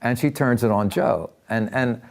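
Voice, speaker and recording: An older man telling personal stories in an interview, animated, acting out voices and often repeating words as he talks. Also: mid-range voice, normal speed, gravelly. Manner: lively, acts out voices in anecdotes, repeats words. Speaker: interviewee, counselor.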